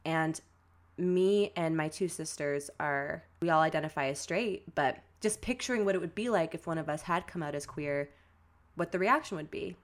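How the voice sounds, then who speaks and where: A woman's voice: low voice, moderate pace. A young woman co-hosting a podcast, telling a family story in a casual, chatty way, full of "like" fillers and acted-out quotes. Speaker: podcast co-host.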